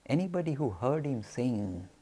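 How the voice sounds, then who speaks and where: A man telling a spiritual story as a lecture. He talks in an animated way, waving his arms, and asks himself questions that he then answers. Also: mid-range voice, moderate pace, breathy edge. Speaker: spiritual teacher.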